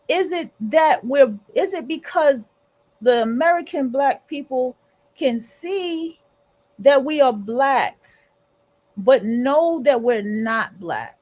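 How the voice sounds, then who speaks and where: A woman hosting a livestream, talking casually and rambling with restarts and blunt, profane asides. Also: high-pitched. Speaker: livestream host.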